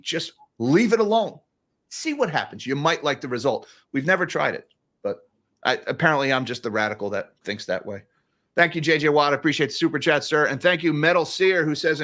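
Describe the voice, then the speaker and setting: A man hosts a live stream, talking economics and thanking viewers for super chats. His voice sits a little high for a man. He talks sarcastically, with chuckles and frequent restarts. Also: fairly bright tone. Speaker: livestream host reading super chats. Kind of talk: casual commentary on economics.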